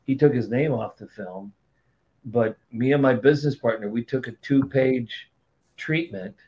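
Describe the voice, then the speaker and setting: A man's voice: mid-range voice, measured pace. Blunt, profane man telling stories. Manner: blunt, profane, animated storytelling. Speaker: podcast guest. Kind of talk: casual storytelling. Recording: dull lo-fi sound.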